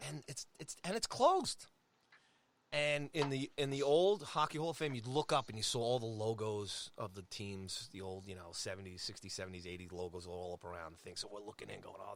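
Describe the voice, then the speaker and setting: Animated New storyteller in his fifties. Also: medium pitch. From Long Island, New York. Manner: animated, acts out quoted voices. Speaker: podcast co-host. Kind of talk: casual storytelling.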